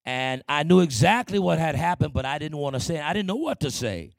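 Gravelly man giving a church testimony. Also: fairly high pitch, expressive, fairly quick, no echo. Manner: conversational storytelling with frequent calls for amen. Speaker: speaker sharing his testimony.

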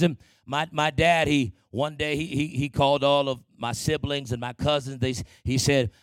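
A man's voice: medium pitch, moderate pace, hardly any pauses, dry recording. A man telling his life story to a congregation in a church testimony, speaking conversationally and often asking the listeners for an amen.

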